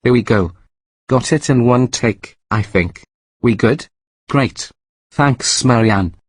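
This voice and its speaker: A man voicing a polite, calm otherworldly male announcer with tentacles, in a mock interview. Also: medium pitch, slow, slightly rough, no room sound. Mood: matter-of-fact. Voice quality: calm, matter-of-fact, courteous. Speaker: birthday announcer.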